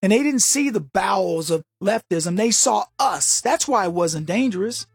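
A man hosting a radio talk show, delivering an animated, mocking, emphatic opinion monologue. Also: high-pitched, normal speed, creaky, slightly rough, no room sound.

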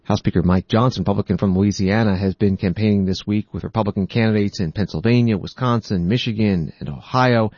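A man reading scripted news narration in a measured, formal way as a news anchor. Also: fairly low pitch, no room sound, muffled recording.

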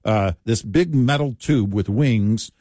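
A man's voice: lowish voice, slow, no echo, clean studio sound. A man in casual conversation, telling everyday stories with wry asides. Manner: animated storytelling with wry asides. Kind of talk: casual chat.

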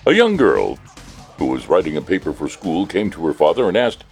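A male radio host reading station news and telling a joke with animated character voices. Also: low voice, fairly quick, slightly rough, faint music behind.

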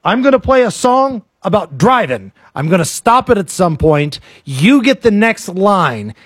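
A man's voice: high voice, very animated, husky, no echo, studio quality. A man hosting a radio show, joking with his co-host and running a call-in contest in an upbeat, chatty way. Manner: upbeat, joking, quick asides. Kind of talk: lively morning radio banter.

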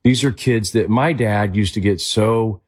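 A man's voice: fairly low pitch, a little slow, a little mellow, husky. A man hosting a faith talk show, speaking with enthusiasm and strong emphasis as he questions his guest. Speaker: host.

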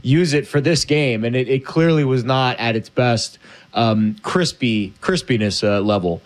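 Male co-host, mid pitch, loose rambling sports chatter. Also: measured pace. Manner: rambling, restarts sentences, easygoing. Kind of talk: casual sports talk.

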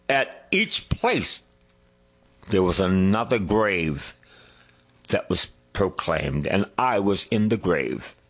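A man preaching a sermon, drawing out his words, singing a hymn line and dropping to hushed whispers. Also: lowish voice, animated, gravelly, husky. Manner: slow, drawn-out preaching with sung lines and hushed whispers.

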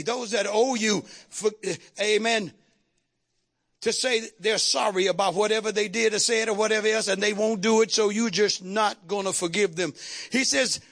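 A man preaching a sermon to his congregation, calling out to the crowd and shouting at the peaks. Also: extremely high pitch, creaky. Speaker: pastor. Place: church sanctuary.

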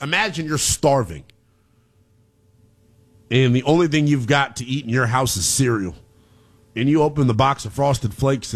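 Brash, animated man hosting sports talk. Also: medium pitch. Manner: brash, emphatic, repeats for punch. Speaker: sports show host. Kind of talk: opinionated college football talk.

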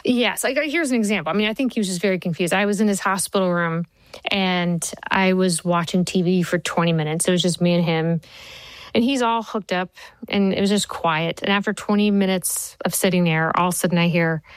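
Lively, lower-voiced woman storyteller. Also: a little fast, smooth, no echo, poor audio. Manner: lively storyteller, laughs easily. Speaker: TV writer and showrunner, interview guest. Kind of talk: conversational interview answers.

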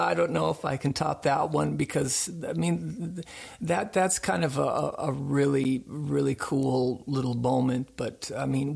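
Gravelly man spinning a folksy story. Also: medium pitch. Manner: folksy, rambling anecdotes with restarts. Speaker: radio show host being interviewed. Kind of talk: relaxed conversational storytelling.

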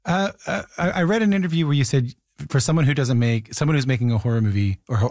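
A man interviewing a TV writer, asking halting questions with many restarts. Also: mid-range voice, darkish tone, no echo, clean studio sound. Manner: halting, repeats words as he starts questions.

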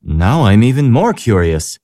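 An earnest young devout gentleman. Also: lowish voice, very animated, unhurried, dry recording, studio quality. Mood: curious. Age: young adult. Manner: earnest and polite, hesitant when moved. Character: earnest young male law graduate, devout and respectful. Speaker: young man seeking priesthood. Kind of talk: radio drama acting.

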